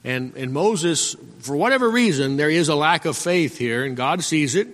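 A man preaching a sermon as pastor, exhorting and repeating himself, often clearing his throat and calling out for an amen. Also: fairly high pitch, lively intonation, moderate pace. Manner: repetitive, exhorting, calls out "Amen?". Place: church sanctuary. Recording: long church-hall reverb.

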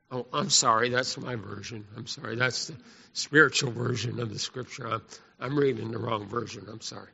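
A man preaching a sermon in an animated, folksy style. His voice is gravelly and bright. It echoes through a church hall on a muffled recording. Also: medium pitch, normal speed.

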